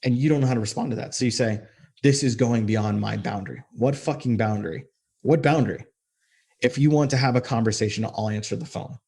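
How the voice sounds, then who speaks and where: A man's voice: medium pitch, brisk, creaky, darkish tone, husky. A man giving direct, profane relationship coaching as he walks through a text exchange. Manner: direct, profane, reads quoted texts aloud.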